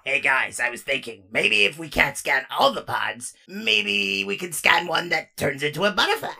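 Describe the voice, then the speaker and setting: Slapper, a man doing a gravelly dopey robot. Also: fairly high pitch, expressive, normal speed, bright, forceful tone, exaggerated voice.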